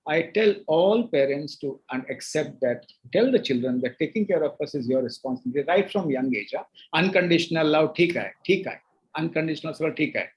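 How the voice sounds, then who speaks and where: An earnest, middle-aged Indian man with a high-pitched voice, speaking as a doctor at a seminar. He talks with emphasis, repeating words and starting over as he builds his points. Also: brisk, rough recording. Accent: Indian English. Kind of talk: seminar Q&A answer.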